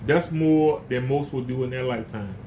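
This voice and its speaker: A man's voice: medium pitch, moderate pace, mellow, a little hiss or hum. A man preaching a casual sermon in a blunt, emphatic, folksy way.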